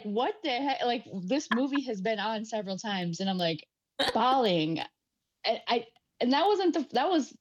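A woman in casual conversation, relaxed and affirming as she tells a story. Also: medium pitch. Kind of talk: casual chat.

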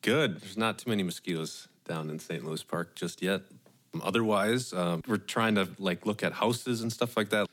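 Deep-voiced friendly male radio host. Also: normal speed, a bit bright. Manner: friendly, conversational with fillers. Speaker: podcast co-host. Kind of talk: casual radio chat.

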